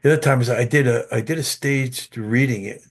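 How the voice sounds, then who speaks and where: A man guest, an actor, telling animated stories in an interview with frequent restarts, heard over a video call. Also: mid-range voice, a little fast. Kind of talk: interview storytelling.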